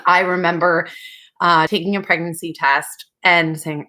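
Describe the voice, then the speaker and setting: A woman's voice: lowish voice, fairly even intonation, a little slow, sharp tone. A young woman hosting a casual advice talk, chatty and frank, laughing often as she speaks. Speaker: host.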